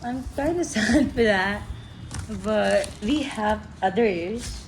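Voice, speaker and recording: A woman's voice: medium pitch, slow pace, slight background noise. A teenage girl, chatting casually and gushing through an unboxing, often giggling. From Pakistan. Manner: gushing, giggly, excitable fan talk. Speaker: vlogger.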